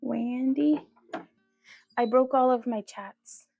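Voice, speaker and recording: Hosting a laid-back livestream, a woman talks unhurriedly in a fairly high voice, chatty and giggly and quick to poke fun at herself. Soft music plays in the background, and there's no echo.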